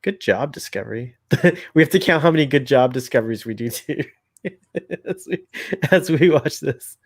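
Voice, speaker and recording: A man's voice: medium pitch, lively intonation, moderate pace, no room sound, clean studio sound. A man co-hosting a casual fan commentary, chatty, laughing often and rambling off into asides. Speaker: podcast co-host.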